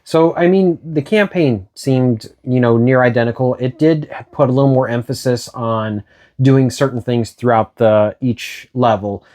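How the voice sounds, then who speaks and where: A man's voice: mid-range voice, a little slow, darkish tone. A man co-hosting a casual video game discussion, leading the talk with hesitant restarts. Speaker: co-host.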